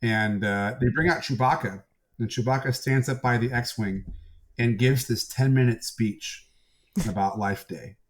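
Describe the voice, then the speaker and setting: A mid-pitched man is the guest on a casual podcast, telling anecdotes with real enthusiasm. His talk is easygoing and full of quick asides. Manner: enthusiastic storyteller. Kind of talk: casual chat.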